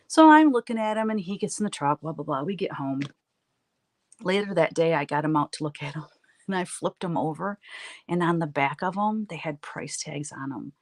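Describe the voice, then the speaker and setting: Woman, low voice, livestream painter, casual chat, storytelling, frequent laughs. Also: lively intonation, moderate pace. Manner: chatty storyteller, laughs often. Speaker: artist hosting a live stream. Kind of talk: casual chat with live viewers while painting. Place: home art studio, standing at work.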